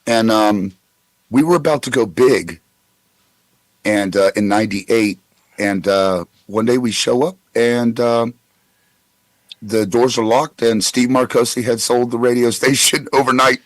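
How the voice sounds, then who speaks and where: A man's voice: mid-range voice, measured pace, no echo, poor audio. A man in his forties who tells rambling anecdotes with stammered restarts in a casual interview. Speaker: guest voice actor.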